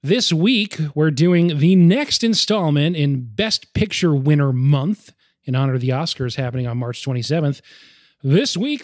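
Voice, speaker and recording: A man's voice: a little high, dry recording, clean studio sound. A man from the Boston area hosting a casual movie podcast with friends, joking and laughing as he talks. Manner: joking, laughs often, restarts. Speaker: podcast host.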